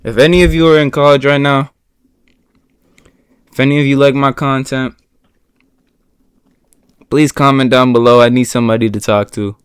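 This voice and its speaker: A young man telling a personal story on his vlog, animated and swearing, bursting into shouts. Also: medium pitch, moderate pace, pauses often, clear, resonant tone, dry recording. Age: young adult. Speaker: vlogger.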